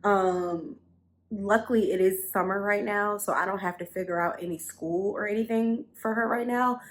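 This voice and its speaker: Young adult woman, home vlogger, casual and chatty, repeats phrases for emphasis, mid-pitched. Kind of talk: casual storytelling to camera. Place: bedroom at home.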